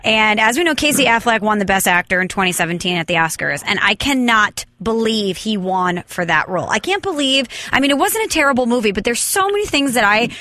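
A woman's voice: a little high, lively intonation, a little fast, few pauses, sharp tone. A woman hosting a podcast, chatting playfully and teasing her guest about movies. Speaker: podcast host. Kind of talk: casual podcast chat.

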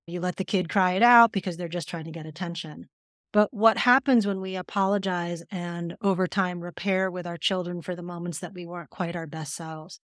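Earnest low-voiced woman therapist, dry sound. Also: no echo. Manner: earnest, emphatic, storytelling. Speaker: somatic therapist guest. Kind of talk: conversational podcast interview.

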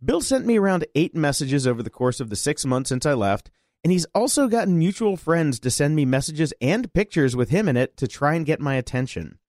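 A man co-hosting a podcast, reading listener letters aloud in an expressive, animated way. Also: on the high side, brisk, no echo, clean studio sound.

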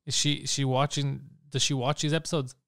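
A man's voice: medium pitch, flat delivery, brisk, gravelly, fairly bright tone, dry recording, clean studio sound. A man hosting a podcast, teasing and grilling a guest with profane jokes and frequent laughter. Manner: teasing, interrogating, laughs a lot. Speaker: podcast host. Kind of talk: crude casual banter.

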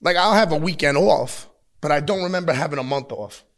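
A man in his thirties, a wrestler giving an interview, talking bluntly and with lots of swearing as he tells animated stories. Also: a little high, fairly quick. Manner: blunt, profane, animated storytelling. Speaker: pro wrestler, interview guest. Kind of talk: casual interview talk. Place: at a wrestling show taping.

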